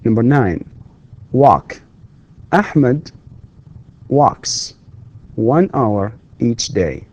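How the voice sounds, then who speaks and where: A middle-aged male lecturer with a warm, mellow voice, a native Arabic speaker teaching English pronunciation. He speaks slowly and deliberately, repeating words to model them and hesitating with fillers and restarts while he explains grammar. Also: mid-range voice, very animated, muffled recording. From Saudi Arabia. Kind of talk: recorded lecture.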